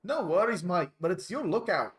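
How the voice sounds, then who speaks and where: A rowdy cartoonish dolphin with a broad put-on Australian accent, played by a man. He blusters in slang and pitches his voice up high and loud. The delivery swings wildly in tone. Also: sing-song, normal speed. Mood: belligerent.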